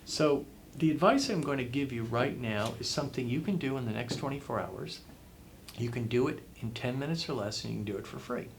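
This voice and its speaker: A man's voice: medium pitch, brisk, vocal fry, background noise. A man being interviewed as a guest author, giving advice in an emphatic way and repeating phrases for effect. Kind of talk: interview answers, motivational advice.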